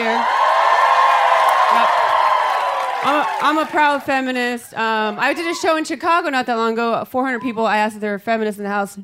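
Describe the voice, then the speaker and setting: A brash woman comic works the room with a profane, punchy delivery, her voice sitting a little high. She is recorded live off a stage mic, with a loud crowd and steady room noise all around her. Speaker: stand-up comedian. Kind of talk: stand-up comedy set. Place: comedy stage before a live audience.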